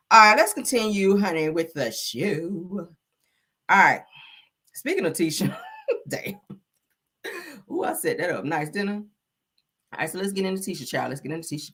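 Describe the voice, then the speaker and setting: A woman's voice: low-pitched, fairly bright tone, breathy edge. A woman hosting a gossip livestream, talking sassily with drawled asides and frequent laughter. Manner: sassy and drawling, peppered with "honey" and "child"; laughs often while mocking. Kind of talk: casual live commentary.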